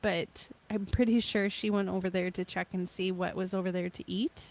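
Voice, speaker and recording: A woman's voice: mid-range voice, steady tone, moderate pace, a little mellow. A woman co-hosting a casual home podcast, telling rambling, chatty stories. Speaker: podcast co-host.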